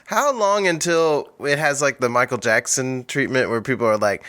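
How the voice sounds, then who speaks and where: A man's voice: medium pitch, fairly bright tone. A man co-hosting a comedy movie podcast, bantering and laughing along. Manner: quick to laugh, playful agreeing banter. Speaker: podcast co-host. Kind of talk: casual comedy podcast chat.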